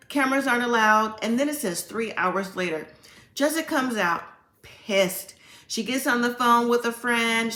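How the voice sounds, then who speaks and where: With a high-leaning, fairly bright voice in a reverberant space, a woman casually recaps reality TV. She tells it chattily, acting out each quote and sprinkling in "like" and "you know."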